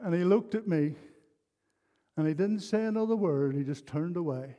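A man's voice: high voice, animated, normal speed, dark tone, highs cut off. An older man preaching a sermon, telling a personal story in an earnest, rambling way with many restarts. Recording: long hall reverb.

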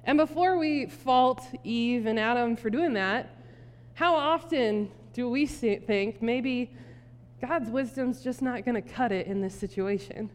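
A woman pastor giving a sermon in a conversational, animated storytelling manner. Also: a little high, measured pace. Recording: long hall reverb.

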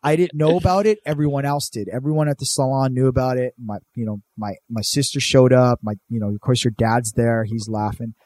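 A man's voice: medium pitch, steady tone, fairly quick, hardly any pauses, a little mellow, no room sound. A young man from California, telling a rambling, profane story in casual chat and saying "dude" a lot.

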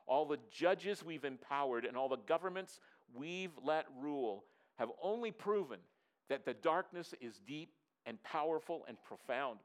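A man, a pastor, preaching a sermon in an earnest, repetitive way, dropping his voice low for emphasis and asking the congregation to answer. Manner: asks the audience to respond.

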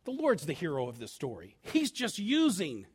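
A man's voice: a little high, huge pitch swings, normal speed, breathy edge. A middle-aged male pastor preaching a sermon with emphatic delivery, acting out quotes along the way.

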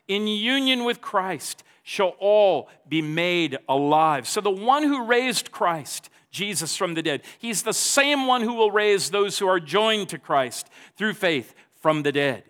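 Pastor, male, slow emphatic sermon delivery, light higher voice. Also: a bit bright. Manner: slow, emphatic preaching with restarts and scripture readings.

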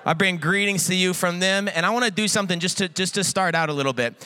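A man preaching a casual, energetic sermon as a guest speaker, playful and full of filler words, acting out little quoted voices. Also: sits high, quick pace, clear, resonant tone. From Iowa, US.

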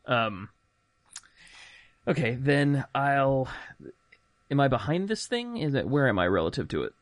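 A man's voice: medium pitch, sing-song, a little slow, no room sound. Chatty man playing a tabletop game. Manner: chatty, rambling and self-amused. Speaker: player. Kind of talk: casual tabletop game play.

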